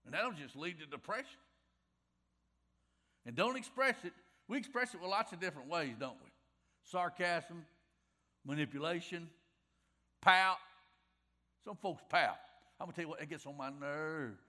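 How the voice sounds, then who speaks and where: A middle-aged pastor delivers a sermon in a folksy, conversational manner, circling back to repeat his points. His voice sits high for a man and has a bright, forceful edge. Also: animated, normal speed, pauses often.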